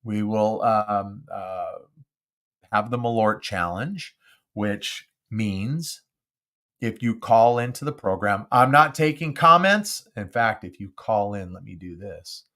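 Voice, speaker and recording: Slowly and with plenty of self-mockery, the same kind of host, an older man from Southern California, chats animatedly on his live podcast. His voice is a little low and sits close on a windscreened studio mic.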